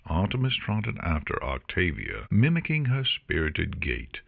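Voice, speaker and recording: A man reading an audiobook, narrating in an expressive storytelling manner. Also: deep voice, unhurried, gravelly, hardly any pauses, no echo, clean studio sound. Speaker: audiobook reader.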